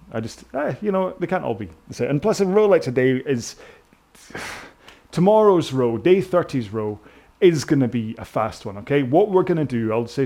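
A man's voice: mid-range voice, a little mellow. A British man coaching a rowing workout indoors, chatting in a rambling, self-mocking way with jokey asides. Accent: British English.

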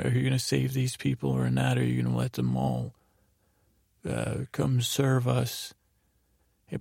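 A man hosting a sleep podcast, telling a meandering bedtime story in a halting way, full of restarts and repeated "I said". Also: medium pitch, vocal fry, a little mellow, no echo, clean studio sound.

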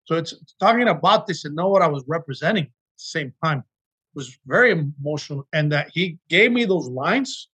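A man's voice: fairly high pitch, expressive, fairly quick, pushed and bright, breathy edge. A man, an actor, telling earnest, emotional stories from his work in a casual interview chat. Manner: earnest, emotional storytelling with restarts. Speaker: actor guest.

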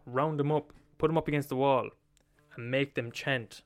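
A man's voice: mid-range voice, fairly even intonation, moderate pace, faint music behind. A man with an Irish accent retelling a story in a casual, profane, repetitive, conversational way.

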